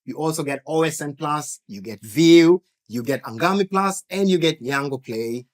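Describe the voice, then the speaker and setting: A man's voice: fairly high pitch, animated, moderate pace. Guy on a brand livestream, chatty and upbeat, walks you through the deals. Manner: upbeat, explains offers step by step. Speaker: co-host of a live product stream. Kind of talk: casual promotional chat.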